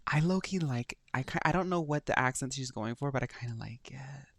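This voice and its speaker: A man's voice: medium pitch, a little fast, vocal fry, a bit bright, slight background noise. A young man streaming a video game, reacting with sassy, campy banter and playful teasing. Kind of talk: live game stream commentary.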